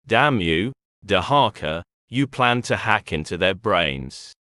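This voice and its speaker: A man's voice: fairly low pitch, animated, slow pace, sharp tone, no echo, studio quality, exaggerated voice. A man voicing a principled, short-tempered man who answers curtly and growls when pushed. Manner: curt, growling.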